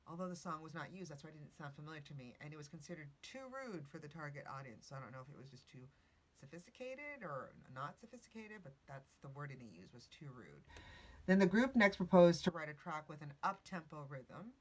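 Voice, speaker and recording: A woman with a low, sing-song voice speaks a little fast as she hosts a casual podcast. Reading from notes, she tells a story, correcting herself and adding chatty asides.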